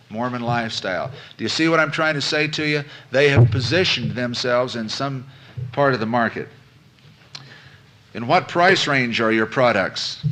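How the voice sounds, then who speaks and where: A man's voice: mid-range voice, pushed and bright. A man giving a business seminar lecture to a live audience, folksy and conversational, asking questions and repeating phrases for emphasis. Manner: folksy, addresses listeners as folks.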